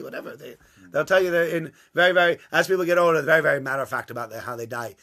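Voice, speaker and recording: A man teaches an informal Torah class in a small, warm room. His voice is bright and fairly high. He acts out the dialogue and swings from loud bursts to hushed asides. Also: racing, gravelly. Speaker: rabbi giving a Torah class.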